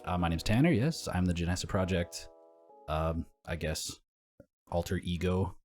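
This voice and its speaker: A laid-back man from Canada co-hosting a casual podcast, teasing his partner and letting his sentences trail off quietly. His voice sits fairly low and he speaks easily. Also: normal speed, faint music behind. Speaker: podcast co-host, music promoter.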